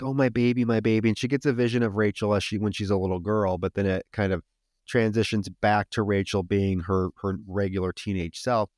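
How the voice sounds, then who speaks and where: A man's voice: on the low side, dry recording, clean studio sound. A man co-hosting a podcast, retelling a film's climax in casual, profane chat. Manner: animated, profane retelling of plot. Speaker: podcast co-host. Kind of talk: casual film recap.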